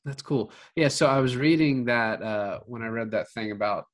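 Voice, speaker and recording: A man's voice: mid-range voice, normal speed. A man co-hosting a podcast, chatting casually about a film in a rambling way full of filler words. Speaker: podcast co-host.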